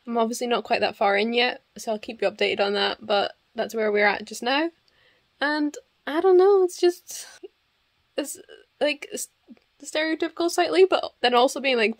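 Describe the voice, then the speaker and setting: Scottish woman, young, casual to-camera book vlog, laughs easily, fairly high pitch. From Scotland. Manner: chatty, laughing, wry. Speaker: book vlogger.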